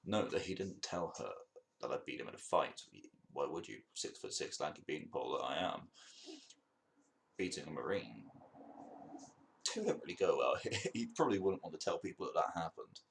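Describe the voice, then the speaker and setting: A man's voice: low-pitched, expressive, normal speed, vocal fry, slight background noise. A young man hosting his own podcast, telling a long rambling story in a casual monologue, swearing and laughing at his own jokes. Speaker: podcast host.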